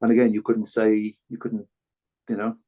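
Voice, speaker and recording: Older man, candid and halting. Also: fairly low pitch, completely flat delivery, warm tone, breathy edge, dull audio. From Wales. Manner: halting, many restarts, earnest and candid. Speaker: podcast guest, former rugby full back. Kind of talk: reflective conversational storytelling.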